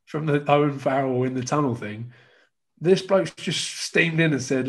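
A man riffing on a podcast panel in a loose, casual way. He reads online comments aloud with an amused, mocking edge. He keeps an everyday speaking pitch. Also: normal speed. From Scotland. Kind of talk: casual chat.

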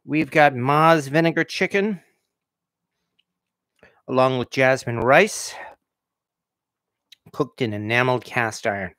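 A man's voice: medium pitch, takes it slowly, long pauses, a bit bright, no room sound. A man hosting a casual cooking livestream, chatting and chuckling as he tastes his dish and answers viewer comments. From New England, USA. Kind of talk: casual live-stream chat while tasting food.

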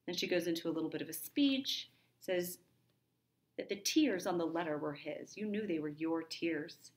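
A woman's voice: lowish voice, normal speed. A woman teacher summarizing a play for a literature lesson, retelling it in a conversational way with fillers.

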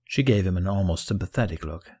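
A man narrating a fan fiction audiobook in a calm, even storytelling manner. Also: low voice, fast talker, breathy edge.

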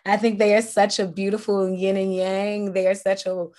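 A woman's voice: mid-range voice, flat delivery, normal speed, a little mellow. A woman interviewed as an actress, talking casually and reflectively with frequent fillers. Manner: chatty, reflective, many fillers.

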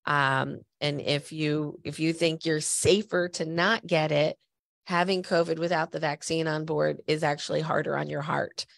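A woman's voice: deep voice, steady tone, normal speed, gravelly, dry recording. A woman hosting a podcast, a little stuffy from a cold, chatting and telling stories straight to listeners. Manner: chatty storyteller, direct appeals to listeners. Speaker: podcast host. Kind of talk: conversational podcast talk.

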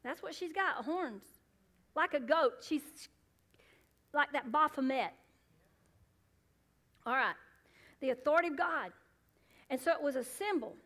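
A woman pastor preaching a sermon in church, calling out to the congregation and rising to loud, fervent peaks. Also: high voice, lively intonation, unhurried, pauses often. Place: church sanctuary.

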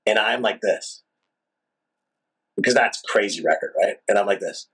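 A rock singer guest telling a long, animated, profane story in a casual interview. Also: male voice, lowish voice, normal speed, husky, low-quality recording. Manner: animated, profane, rambling anecdotes.

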